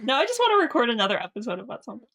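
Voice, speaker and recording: A woman's voice: on the high side, big pitch swings, rapid-fire, a bit bright. Laughing young woman podcast co-host. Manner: laughing, telling anecdotes. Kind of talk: casual chat.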